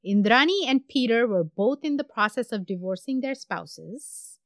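A woman from India hosting a podcast, telling a true crime story in an animated, conversational way. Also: fairly high pitch, normal speed, no room sound, clean studio sound. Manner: animated, conversational, trailing off at phrase ends. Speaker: podcast host.

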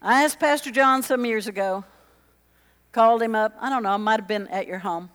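A woman preaching a lively, conversational sermon, chatty and joking with the congregation as she acts out little quotes. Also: a little high, a little fast, big-room sound.

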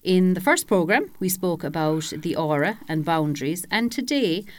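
A woman's voice: on the low side, expressive, moderate pace. A woman hosting a local radio interview, friendly and conversational. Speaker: radio host.

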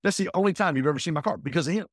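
A man talking as an entrepreneur guest in a casual interview, emphatic and energetic, often repeating himself. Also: a little high, racing, no room sound, studio quality.

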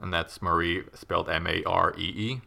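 A man's voice: low voice, fairly even intonation, moderate pace, creaky, pushed and bright. A man casually recounting a true crime story to a co-host, rambling with many fillers and wry asides.

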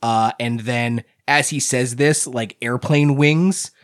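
A man playing a tabletop game, describing his character's actions in a relaxed, rambling way with many fillers. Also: mid-range voice, slow. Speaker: player.

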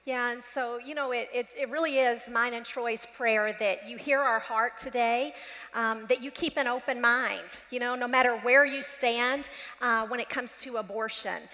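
A woman's voice: fairly high pitch, fairly even intonation, moderate pace, pushed and bright, big-room sound. A woman co-preaching a sermon as pastor in a conversational way.

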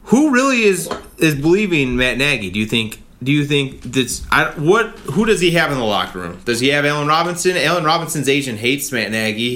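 Bright-voiced man on a heated profane rant. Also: medium pitch. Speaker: podcast host. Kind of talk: ranting sports talk.

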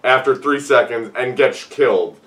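A man chatting casually about a movie, acting out scenes with yelps and shouted sound effects. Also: mid-range voice, normal speed, recorded from a distance. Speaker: podcast co-host discussing a movie. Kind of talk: casual chat.

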